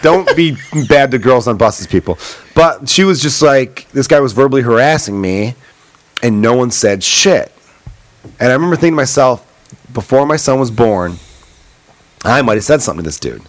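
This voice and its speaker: A man's voice: medium pitch, lively intonation, normal speed, dry recording. A man in his thirties hosting a podcast, talking things over in a reflective, swearing, conversational way. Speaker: podcast host. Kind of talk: casual podcast chat.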